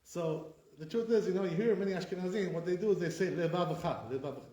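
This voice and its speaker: A man's voice: high-pitched, fast, warm tone. A man teaching as a rabbi, correcting pronunciation and drilling words with rhetorical questions. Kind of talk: classroom lesson. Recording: echoey room sound.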